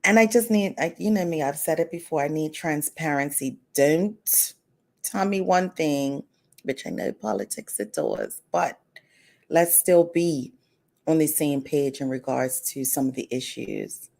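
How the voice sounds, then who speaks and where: A woman's voice: low-pitched, expressive, measured pace, gravelly, a little mellow. A woman co-hosting a talk show, speaking thoughtfully and hesitantly with frequent ums in casual studio talk.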